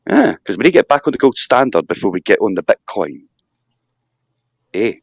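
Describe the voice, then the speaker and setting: A Scottish man hosting a casual live chat, talking in an animated, rambling rant with mocking asides. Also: fairly low pitch, a little fast, no room sound. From Scotland. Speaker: live stream host.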